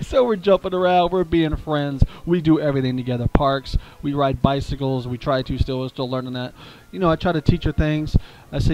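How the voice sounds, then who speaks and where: Man, playful storyteller, animated, fairly high voice, heartfelt asides. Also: fast talker, rough recording. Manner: animated, playful, drops low for sentimental asides.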